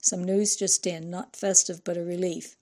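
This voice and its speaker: A woman's voice: fairly low pitch, level tone, moderate pace, mellow, natural voice. A woman reading a chatty, clipped email from a male friend. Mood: breezy. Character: breezy male friend writing a casual email.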